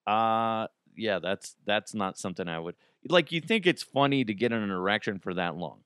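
Chatty joking man with lively pitch. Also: a little fast, clean tone, dry recording, studio quality. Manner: chatty, joking, laughs often. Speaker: podcast host. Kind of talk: casual comedic monologue.

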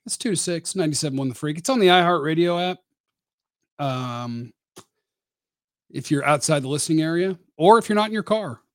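Man, sports radio host, casual live-stream commentary, opinionated, rambling, fairly high voice, dry sound. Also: lively intonation, moderate pace, pauses often, dry recording.

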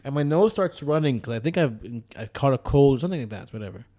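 Animated man telling a story. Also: medium pitch, quick pace. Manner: animated, acts out voices, laughs often. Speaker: guest telling a travel story. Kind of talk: casual storytelling among friends.

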